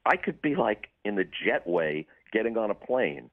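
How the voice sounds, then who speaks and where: An older broadcaster telling dry, wry anecdotes with deadpan punchlines as a radio show guest. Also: male voice, on the low side, moderate pace, narrow, tinny audio. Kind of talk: storytelling in a radio interview.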